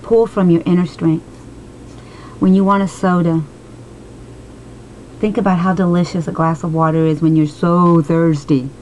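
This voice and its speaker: A woman's voice: fairly low pitch, steady tone, darkish tone, slight background noise, rough recording. Emotional woman in her forties. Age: 40s. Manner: slow, emotional, encouraging. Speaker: vlogger. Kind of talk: heartfelt personal vlog talk.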